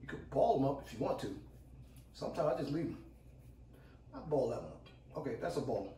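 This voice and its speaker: A man's voice: mid-range voice, big pitch swings, fairly quick, warm tone, distant mic. A man hosts a home cooking demo, hyped and repeating himself as he calls out to his viewers. His voice jumps around with lots of expression. He sounds a bit away from the mic in an echoey kitchen with faint background hum. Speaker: cooking channel host.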